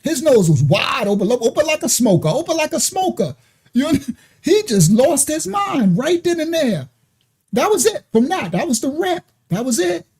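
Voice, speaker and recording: Male ministry host, high mellow voice, loose slangy preaching with frequent laughter. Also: normal speed. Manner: animated, slangy, laughs often. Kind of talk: casual streamed preaching.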